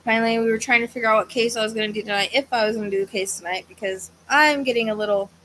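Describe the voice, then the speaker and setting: Speaking rapid-fire in a sharp, steady, somewhat high voice, a woman hosts a psychic medium livestream from home with a fan going. Her casual talk is tired and hesitant, rambling with many fillers and occasional yawns. The low-quality recording has slight background noise.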